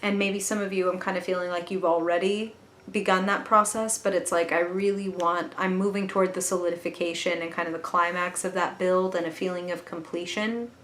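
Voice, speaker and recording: A woman's voice: on the low side, steady tone, fairly quick, fairly bright tone, a little hiss or hum. A woman giving a casual spoken tarot reading, chatty and earnest, with the odd casual swear word. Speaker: tarot reader. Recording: echoey room.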